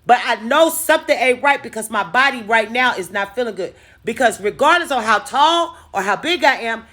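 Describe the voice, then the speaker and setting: Bright-voiced woman telling a dramatic story. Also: fairly high pitch, moderate pace, hardly any pauses. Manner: animated, profane, dramatic storyteller. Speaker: storytime vlogger. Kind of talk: casual storytelling.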